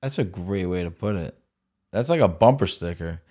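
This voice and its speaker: A man hosting a podcast in casual interview chat, teasing his guest with quick, joking interjections. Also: low voice, animated, dark tone. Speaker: podcast host.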